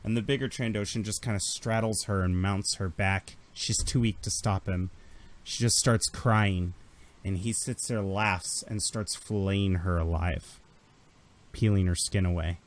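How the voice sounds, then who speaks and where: Low-voiced man running a tabletop game. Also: steady tone, measured pace. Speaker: game master.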